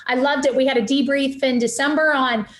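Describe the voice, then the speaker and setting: A fired-up woman speaks with a high, bright pitch and a motivational punch. She talks like a real estate investor guest on a podcast interview, emphatic and heartfelt. The sound carries the echo of a roomy space. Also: fairly even intonation, a little fast. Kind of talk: enthusiastic podcast interview talk.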